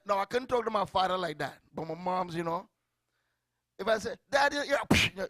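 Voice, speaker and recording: High-pitched preacher with Trinidadian accent. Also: male voice, normal speed, pauses often, no echo. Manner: animated, storytelling, calls to the congregation. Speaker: pastor. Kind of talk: sermon.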